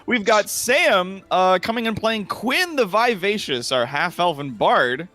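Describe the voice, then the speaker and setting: Bright, upbeat Canadian game master. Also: male voice, high voice, big pitch swings, measured pace, faint music behind. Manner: hammy, enthusiastic, laughs a lot. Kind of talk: hosting and narrating a tabletop game.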